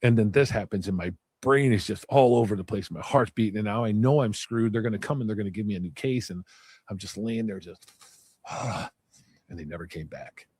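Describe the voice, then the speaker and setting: A man calmly and candidly recounting a violent jail memory in casual storytelling. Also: on the low side, fairly quick, breathy edge, no room sound. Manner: candid, matter-of-fact recounting.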